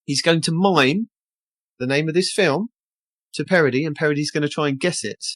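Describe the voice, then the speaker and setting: A podcast host casually chatting and reading out game tasks in a brisk way. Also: mid-range voice, a bit bright, no room sound.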